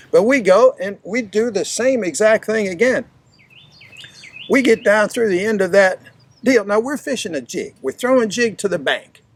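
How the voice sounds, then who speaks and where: A man teaching fishing through a folksy, animated story from his own experience. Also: high-pitched, breathy edge. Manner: folksy, animated anecdote-telling. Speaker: fishing instructor. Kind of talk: storytelling lesson.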